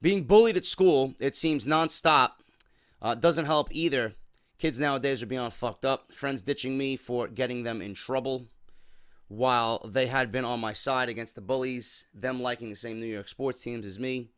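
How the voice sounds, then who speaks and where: A man's voice: medium pitch, normal speed, a bit bright, clear, resonant tone, dry recording, studio quality. A man hosting a wrestling show, reading a viewer's letter aloud and replying in a casual, sympathetic way, with many fillers and "man" tacked onto his sentences. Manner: casual, filler-heavy, says "man" often.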